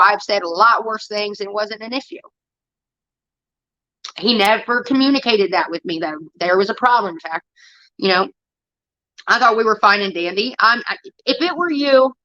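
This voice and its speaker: A woman's voice: fairly high pitch, bright, forceful tone, no echo, dull audio. A woman livestreamer giving a heated, profane, defensive rant straight to her viewers. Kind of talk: angry ranting monologue.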